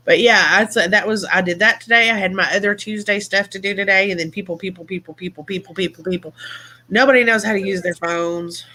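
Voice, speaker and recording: A woman's voice: mid-range voice, steady tone, fast talker, sharp tone. A woman, hosting a live stream and talking in a chatty, blunt, rambling way about managing her phone store. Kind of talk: casual live-stream chat.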